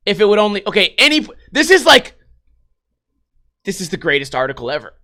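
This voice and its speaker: Comic host reacting to headlines, bright voice, big swings in pitch. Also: male voice, fairly quick. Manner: animated, profane, laughing asides. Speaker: comedy commentator. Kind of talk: comic reading of news articles.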